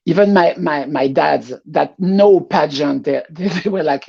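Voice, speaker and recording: A woman with a French accent, a pageant showgirl talking as a guest in a casual interview, laughing often and pausing to find her words. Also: low voice, vocal fry, dark tone, slightly rough, dull audio.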